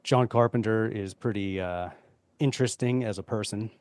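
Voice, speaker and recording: A man's voice: lowish voice, moderate pace, slight background noise. Easygoing man hosting a podcast. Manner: relaxed, easygoing, fillers. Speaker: podcast host. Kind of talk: casual chat.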